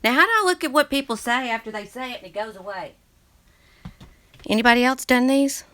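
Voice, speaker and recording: A woman's voice: fairly high pitch, animated, fairly quick, fairly bright tone. A woman hosting a casual craft livestream from her book-filled craft room. She talks in a chatty, scattered way and greets viewers as she reads their chats aloud. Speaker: crafting channel host. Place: craft room full of books.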